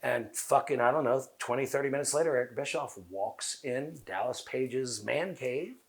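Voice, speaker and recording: A Southern-accented man with a gravelly, fried edge to his voice, talking as an interview guest. He races through rambling, profane anecdotes and acts out what other people said. His pitch sits in an ordinary male middle range. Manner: fast talker. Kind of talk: casual interview storytelling.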